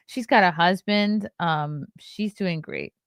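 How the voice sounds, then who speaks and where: A woman's voice: lowish voice, slow pace, clear, resonant tone, no room sound, studio quality. A woman hosting a casual morning show, chatting and rambling as she reacts to viewer comments, sounding tired. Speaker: podcast host.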